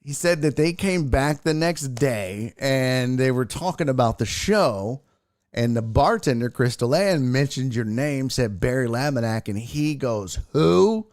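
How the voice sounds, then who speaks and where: A man's voice: medium pitch, measured pace, darkish tone, dry recording, studio quality. A man hosting a casual sports and entertainment livestream, telling jokey stories and reading viewer chat aloud. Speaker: sports and entertainment show host.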